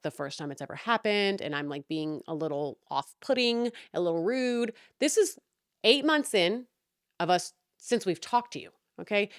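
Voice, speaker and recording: A young woman hosting a podcast, venting about a neighbor in a heated, profane, animated way. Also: on the low side, no room sound, clean studio sound. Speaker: podcast host. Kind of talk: casual storytelling rant.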